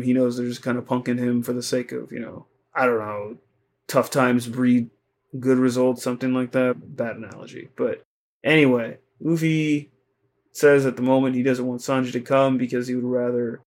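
A man co-hosting a podcast, retelling events in a loose, conversational way with fillers and the odd swear word. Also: mid-range voice. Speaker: podcast co-host. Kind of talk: casual podcast recap.

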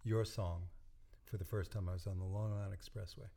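Mellow-voiced man telling stories. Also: low voice, brisk, creaky, a little hiss or hum. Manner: relaxed storytelling, trailing off softly. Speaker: guest, musician and dentist. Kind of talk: casual interview talk.

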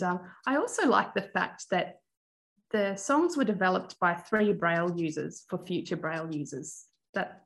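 A woman's voice: fairly low pitch, gravelly, low-quality recording. A woman who teaches music, a guest in a podcast interview, talking cheerfully and chattily with frequent ums and laughs. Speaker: guest, primary music teacher and Braille educator. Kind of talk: casual interview.

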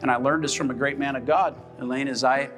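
A man's voice: medium pitch, fairly even intonation, fast, over music. A man preaching a sermon as pastor, emphatic and calling out for responses from the congregation. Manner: emphatic, with call-and-response questions. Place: church sanctuary.

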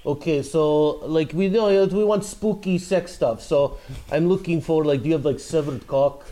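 A man's voice: on the high side, warm tone, close to an everyday voice. A man voicing a prank caller with a put-on Russian accent that slides toward a Dracula voice, stammering and playing naive on a phone call. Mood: deadpan. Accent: put-on Russian, drifting toward a Dracula voice. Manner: halting, stammering, feigned naive.

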